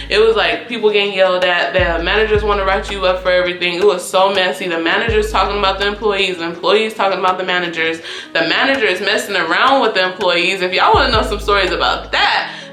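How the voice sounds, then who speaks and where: Animated young woman telling a story. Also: echoey room. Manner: animated, profane, acts out quoted dialogue with big pitch jumps. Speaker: YouTube storyteller. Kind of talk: casual storytime vlog.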